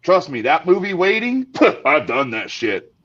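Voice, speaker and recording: A man's voice: fairly high pitch, a little slow, dull audio, noisy background. A man joking crudely in a casual chat. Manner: crude, animated joker.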